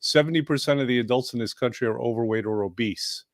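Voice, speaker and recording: Rich: A man hosting a wellness chat from a video call, his voice dry and close with no room around it. He speaks at an everyday middle pitch and teases while he persuades, joking between points. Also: fast talker, dry recording. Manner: playful, jokey and persuasive. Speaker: wellness program coach and host. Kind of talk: casual panel chat.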